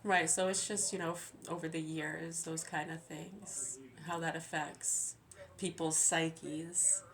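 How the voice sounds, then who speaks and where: Low-voiced woman in a rambling rant. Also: steady tone, slow, a bit bright. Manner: aggrieved, swearing, hesitant restarts. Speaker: mother venting. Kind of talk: rambling spoken monologue.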